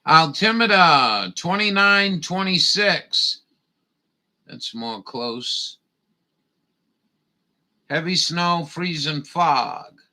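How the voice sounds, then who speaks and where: A man's voice: fairly high pitch, expressive, drawn-out words, pauses often, bright, forceful tone. A man grumbling and swearing as he rambles through a live stream, muttering to himself as he reads.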